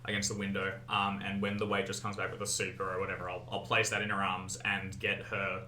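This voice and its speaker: A man playing a tabletop horror game, lively and quick, laughing easily. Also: low-pitched, reverberant, a little hiss or hum. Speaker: player. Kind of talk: casual tabletop play.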